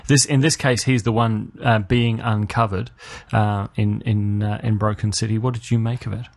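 A man's voice: on the low side, fairly even intonation, moderate pace, darkish tone. A man co-hosting a film review chat, talking casually with a dry, sardonic wit and frequent fillers. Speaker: film review podcast co-host.

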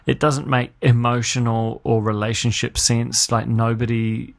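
A man co-hosting a relaxed film review conversation, his pitch sitting in an ordinary middle range. He talks casually and hesitantly, full of ums and restarts, with a dry, sardonic edge to his jokes. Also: a little slow, gravelly. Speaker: film review podcast co-host. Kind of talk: casual chat.

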